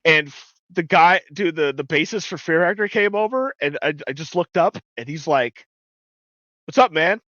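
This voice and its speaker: A man's voice: on the high side, moderate pace, dry recording, highs cut off. A middle-aged man co-hosting a podcast, telling stories in casual chat, swearing often and acting out the voices of people in his stories. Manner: animated storyteller, swears a lot, acts out voices. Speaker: podcast co-host.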